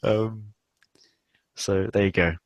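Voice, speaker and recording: A man's voice: on the low side, fairly even intonation, slow pace, no echo, muffled recording. A man from England hosting a casual online hangout, rambling, laughing often and swearing offhandedly. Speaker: hangout host. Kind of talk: casual chat.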